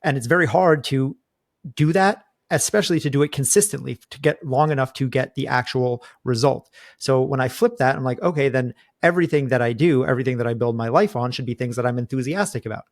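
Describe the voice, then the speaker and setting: A man who hosts a podcast and coaches people talks through a concept in an even, explanatory way. His voice is mid-pitched. The recording is dry, with no room echo. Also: a little fast. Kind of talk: casual conversation.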